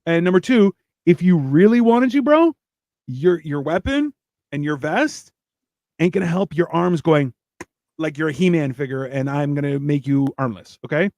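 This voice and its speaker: Higher-voiced guy hosting a podcast, blunt and sweary, repeats himself for emphasis, dry close mic. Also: lively intonation, normal speed, darkish tone, no echo. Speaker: host. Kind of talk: casual podcast chat.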